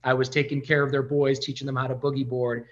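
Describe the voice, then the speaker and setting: A man talking as a podcast guest, telling stories in an animated way and acting out the dialogue. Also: medium pitch, fast, muffled recording. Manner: animated storyteller who acts out quoted dialogue. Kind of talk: casual storytelling interview.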